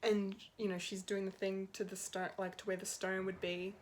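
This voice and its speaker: A woman's voice: mid-range voice, little pitch movement, normal speed, slight background noise. A woman giving an unscripted, rambling and emotional review of a TV episode, laughing often and swearing now and then. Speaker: pop culture reviewer.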